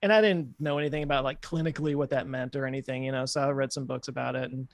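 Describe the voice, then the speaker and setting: A man hosting a podcast, chatting casually with a relaxed, hesitant manner and many ums. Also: medium pitch, fast talker, creaky, no room sound, studio quality. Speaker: podcast host. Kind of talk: casual conversation.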